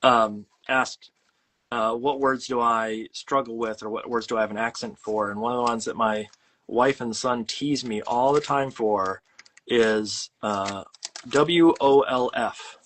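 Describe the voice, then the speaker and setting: A man's voice: medium pitch, steady tone, a little slow, fairly bright tone, a little hiss or hum. A middle-aged man hosting a casual chat while making art, talking in a rambling, self-deprecating way with lots of fillers and restarts. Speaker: host.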